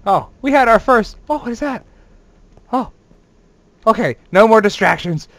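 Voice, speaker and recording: A man doing let's play commentary as a gaming host, excitable and quick to swear, yelling at sudden scares and bragging playfully. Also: sits high, dry recording. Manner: playfully boastful.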